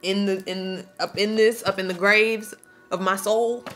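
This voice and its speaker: A woman's voice: mid-range voice, fairly even intonation, measured pace, a bit bright, soft background music. Emphatic woman giving a spiritual tarot reading. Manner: emphatic, preachy, slangy, reads aloud from a card book. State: tearful. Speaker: tarot reader.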